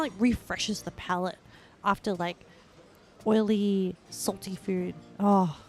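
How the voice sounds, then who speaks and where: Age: young adult. Role: game streamer. Style: rambling casual chat. Pitch: mid for a woman. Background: faint music. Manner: chatty and rambling, heavy on "like" fillers; bursts into excited squeals and laughs.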